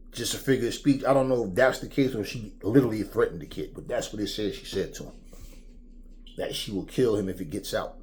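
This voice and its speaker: A middle-aged man hosting his own vlog, ranting profanely and rambling with animated asides. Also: on the low side. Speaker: vlog host. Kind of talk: opinionated rant.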